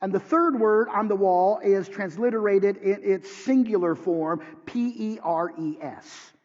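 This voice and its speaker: A man who is a pastor, preaching a sermon with dramatic swings from hushed lines to near shouts. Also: sits high, a little slow. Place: church sanctuary. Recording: dull sound with long hall reverb.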